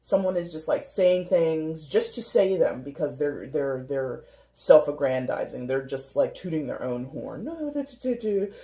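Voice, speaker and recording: A woman giving a casual, chatty tarot reading, animated and given to mimicking people in little put-on voices. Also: deep voice, unhurried, echoey room. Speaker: tarot reader.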